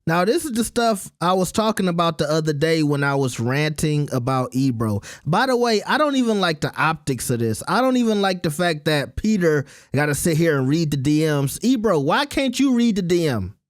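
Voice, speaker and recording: A man with a fairly high voice delivers blunt, opinionated commentary on his own channel. The sound is close and dead dry, with no room around it. He talks casually, like he's ranting to friends. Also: very animated, moderate pace, hardly any pauses, no echo.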